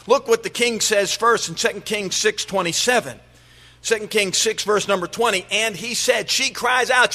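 A man's voice: high voice, bright, forceful tone. A middle-aged man preaching a sermon as pastor, emphatic, rising and dropping his voice to drive home his points. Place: church sanctuary. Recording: long reverb of a large hall.

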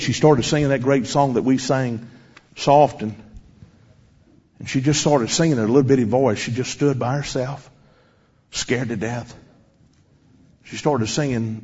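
A male preacher delivers a sermon, confronting his listeners head-on with pointed questions. His voice is husky and mid-pitched. The recording sounds dull and lo-fi. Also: a little slow, pauses often, a little mellow. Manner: direct, challenging the congregation.

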